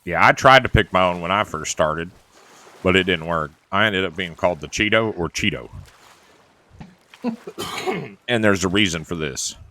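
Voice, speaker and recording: Southern man, low voice, crisp bright tone, chatty wry game streamer. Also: lively intonation, normal speed, long pauses. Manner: drawling storyteller, chatty and wry. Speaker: streamer and former truck driver. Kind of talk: casual gaming chat and storytelling.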